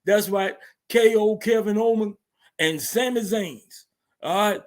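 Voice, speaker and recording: A man with a notably high-pitched voice hosts a casual wrestling recap. He tells it as loose, slangy storytelling, swearing freely and chuckling along the way. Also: a little slow. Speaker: host.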